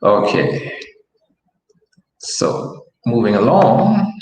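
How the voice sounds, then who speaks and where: A man teaching a Spanish lesson in a relaxed way, repeating example phrases slowly as he writes them out. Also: mid-range voice. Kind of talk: online language lesson. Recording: echoey room with faint noise.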